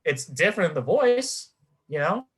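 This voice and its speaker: A man guesting on a podcast in casual chat, joking and bantering in an animated way. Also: high-pitched, normal speed, slightly rough.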